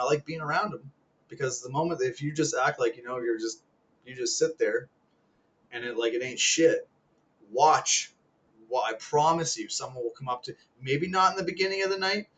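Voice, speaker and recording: A man's voice: on the high side, low-quality recording. A man in his thirties ranting casually to camera, rambling, swearing a lot and laughing at his own jokes. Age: 30s. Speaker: vlogger. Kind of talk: casual rant.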